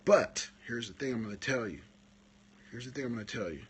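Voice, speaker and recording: A husky-voiced man talks casually on a live stream, coaching photographers. He tells stories with lots of energy, his voice climbing high as he acts out what others said. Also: fairly quick. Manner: animated storyteller, rises high when retelling stories.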